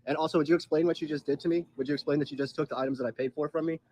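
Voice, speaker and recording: A man's voice: on the high side, fairly even intonation, very fast, darkish tone, a little hiss or hum, rough recording. A man confronting a store clerk, arguing insistently while he films. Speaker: customer filming a store clerk.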